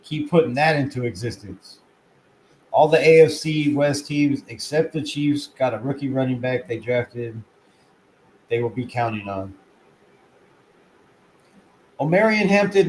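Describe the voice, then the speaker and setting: On his own fan channel, a man talks football in an excitable, rambling way, swearing freely and sometimes chewing food mid-sentence. His voice runs a little high for a man, and the poor home recording carries a faint hiss.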